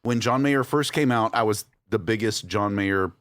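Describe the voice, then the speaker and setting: A man's voice: on the low side, fairly bright tone, no echo. A man co-hosting a podcast, casual and joking. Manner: wisecracking, quick jokes. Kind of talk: casual chat.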